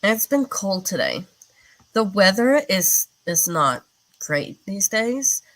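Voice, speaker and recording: A woman's voice: medium pitch, sing-song, takes it slowly, fairly bright tone, poor audio. A woman hosting a live stream who chats casually with her viewers, rambling along with plenty of fillers. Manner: rambling and chatty, with many fillers; replies to viewer comments as she goes. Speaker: livestream host chatting with viewers.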